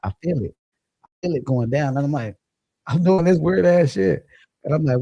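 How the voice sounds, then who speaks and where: Gravelly, laid-back man telling stories. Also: fairly high pitch, normal speed, warm tone, no echo, highs cut off. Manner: loose, profane storytelling, laughs often. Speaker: livestream host. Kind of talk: casual livestream chat reading comments. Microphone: phone or computer mic.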